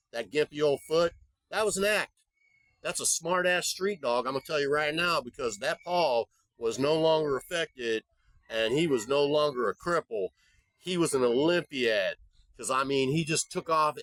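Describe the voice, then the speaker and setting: A man's voice: medium pitch, a bit bright, no room sound. A man vlogging, telling a rambling story in a folksy, profane, casual way. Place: abroad in the Philippines.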